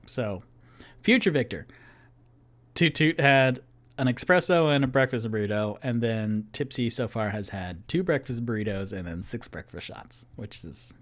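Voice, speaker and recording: A man's voice: medium pitch, expressive, moderate pace. A man casually narrating a solo tabletop game as game master, playful and chatty, laughing at his own rolls.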